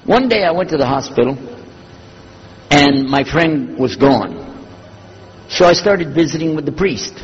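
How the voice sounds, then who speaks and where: Older man, husky, raised pitch, lively storytelling, dull lo-fi sound, reverberant hall. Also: a little slow, long pauses. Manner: animated, acts out dialogue in the story. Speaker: former preacher telling his story. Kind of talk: storytelling talk.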